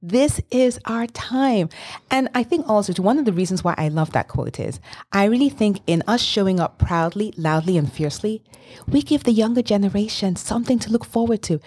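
Fifties woman, life-coach guest; lively rising delivery, a touch husky, motivational. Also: medium pitch. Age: 50s. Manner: enthusiastic, emphatic, laughs often. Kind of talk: interview guest, motivational talk.

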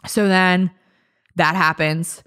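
This is a woman in her thirties with a notably low-pitched voice, chatting casually as a podcast co-host. She rambles through a personal story, leaning on "like" and slipping into quoted dialogue. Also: steady tone, slow, fairly bright tone, clear, resonant tone. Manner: chatty, many fillers, acts out quotes.

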